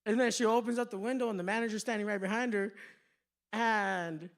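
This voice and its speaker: A man doing a stand-up comedy set on a club stage, telling stories in an animated, profane way. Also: high voice, fairly quick.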